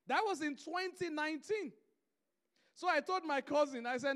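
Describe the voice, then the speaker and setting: A man's voice: very high-pitched, normal speed, fairly bright tone. A man preaching a sermon, telling stories and driving his points home through emphatic repetition.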